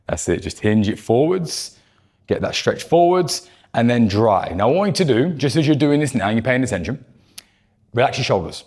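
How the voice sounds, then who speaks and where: A man's voice: medium pitch, sing-song, normal speed, pauses often, darkish tone. A man leading a guided workout, cueing each move and counting down the reps in an encouraging way. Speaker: fitness coach.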